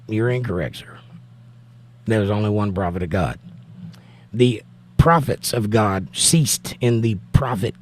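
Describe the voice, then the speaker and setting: A man with a Southern accent from Georgia talks to his livestream chat at a middle pitch. He reads viewers' messages aloud and answers them bluntly, arguing scripture in a plain, direct way. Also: a little mellow. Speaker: livestream host reading chat.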